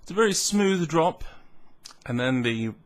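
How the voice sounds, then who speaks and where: A man's voice: a little high, animated, measured pace. Rambling man musing over a tasting. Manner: musing, rambling, self-mocking, with hums and restarts. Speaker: whisky reviewer. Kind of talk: casual tasting vlog.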